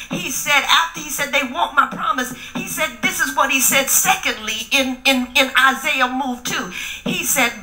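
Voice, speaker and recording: A middle-aged woman pastor preaching in a call-and-response style, often shouting to the congregation. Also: sits high. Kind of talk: sermon. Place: church hall. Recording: echoey room with music.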